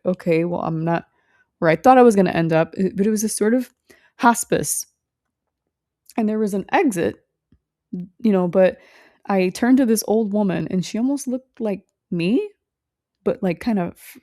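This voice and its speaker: A woman's voice: mid-range voice, expressive, a little slow, mellow, no echo, clean studio sound. A young woman vlogger telling a rambling story in a casual, chatty way, full of fillers and restarts and the odd swear.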